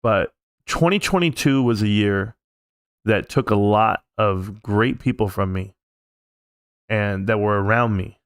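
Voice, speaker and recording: A man's voice: lowish voice, measured pace, clear, resonant tone, dry recording, studio quality. A man hosting a casual live stream from home, talking in a rambling, heartfelt, reflective way. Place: at home, alone.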